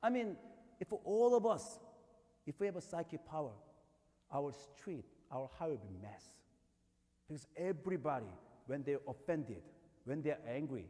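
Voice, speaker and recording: A man with a Korean accent preaches in a loose, conversational manner, telling stories and rising into emphatic peaks. His voice sits a little high for a man. The sound carries a long reverb, as in a large church hall. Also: very animated, moderate pace, warm tone. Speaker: pastor. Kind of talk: sermon.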